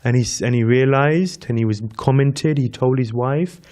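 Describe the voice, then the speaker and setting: A man's voice: mid-range voice, moderate pace, a little mellow. A man giving a devotional scripture class, telling a story with repeated counting and chanting Sanskrit verses, laughing lightly with his listeners. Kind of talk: devotional lecture.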